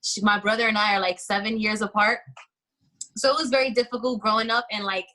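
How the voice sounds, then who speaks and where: A woman talking bluntly and briskly, with jokes, in a casual panel chat. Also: medium pitch, steady tone, pushed and bright, rough recording.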